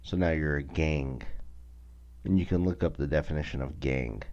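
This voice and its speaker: A man's voice: rumbling low, normal speed, darkish tone, muffled recording. A man with a Southern US accent hosting a podcast alone, ranting bluntly and with plenty of profanity. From American South. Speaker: podcast host. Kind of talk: casual solo rant.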